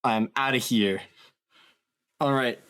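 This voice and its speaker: A man's voice: medium pitch, slow, a bit bright, clean tone. A man playing in a tabletop game, thinking aloud hesitantly with many fillers. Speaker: player. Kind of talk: casual tabletop play.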